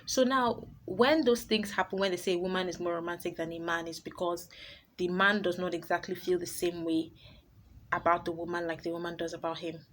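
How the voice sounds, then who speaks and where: A woman's voice: fairly low pitch, level tone, a little fast. Blunt, emphatic woman vlogger. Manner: emphatic, blunt, laughs easily, repeats herself. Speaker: vlogger host. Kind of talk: casual to-camera advice vlog.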